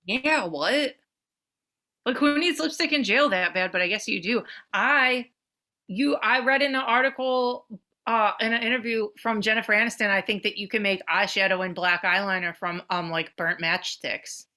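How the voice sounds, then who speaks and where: A woman in her thirties co-hosting a podcast, chatting casually and animatedly, swearing and swinging her pitch. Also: moderate pace. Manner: animated, swearing, jumps between pitch levels. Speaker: podcast co-host. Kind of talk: casual chat.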